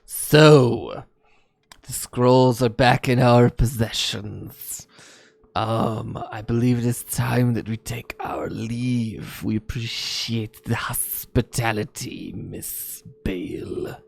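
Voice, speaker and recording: A man voicing a formal noble envoy, gravelly. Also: mid-range voice, steady tone, slow. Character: formal male noble envoy seeking scrolls.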